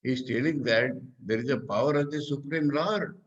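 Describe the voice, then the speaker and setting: Speaking at a medium pitch, this man is a monk and teacher delivering a discourse on scripture in Indian English. His slow explanations often take the form of questions he then answers. The audio sounds dull.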